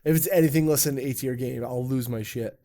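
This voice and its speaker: A man's voice: mid-range voice, quick pace, dark tone. A man hosting a live stream chat in a rambling, jokey way, swearing often. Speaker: streamer and podcast host. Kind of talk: casual chat.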